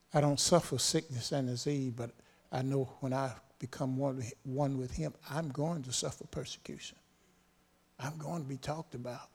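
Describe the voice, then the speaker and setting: A man's voice: mid-range voice, darkish tone. A man preaching a sermon with fervent call-and-response delivery and bursts of praise.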